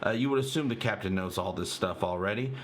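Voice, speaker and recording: A man hosting a casual fan video, talking excitedly and rambling with lots of fillers as he breaks down a trailer for viewers. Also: lowish voice, quick pace, slight background noise. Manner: excitable, rambling, many fillers, addresses viewers as "you guys". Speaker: channel host.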